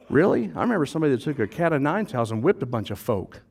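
Playful joking pastor. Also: male voice, fairly high pitch, big pitch swings, rapid-fire, creaky, few pauses, darkish tone, slightly rough. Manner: playful, jokey, acts out voices of the crowd. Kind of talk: casual conversational preaching.

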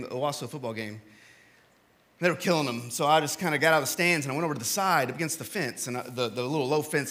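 A young man from Oklahoma preaching a casual, jokey sermon with many restarts. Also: fairly high pitch. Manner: animated, jokey, restarts often.

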